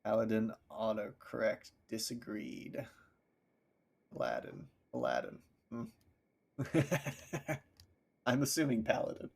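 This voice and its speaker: A man's voice: mid-range voice, takes it slowly, husky. A man streaming a game live, casually thinking aloud and reading viewer messages back as he plays. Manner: rambling, thinks aloud and reads chat questions back. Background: loud game soundtrack music.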